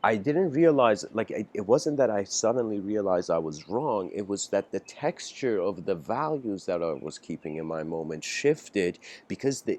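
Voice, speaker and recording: A man giving an improvised philosophical lecture, halting and musing with frequent restarts. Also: on the low side, warm tone.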